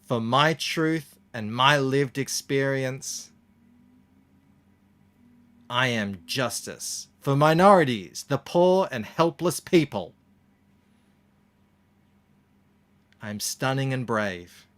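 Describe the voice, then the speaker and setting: A man's voice: mid-range voice, animated, takes it slowly, a bit bright. Man playing preachy young woman Karen. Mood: indignant. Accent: Australian. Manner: preachy, breezy, self-important. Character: self-righteous young activist woman named Karen. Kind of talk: comic reading of a short piece.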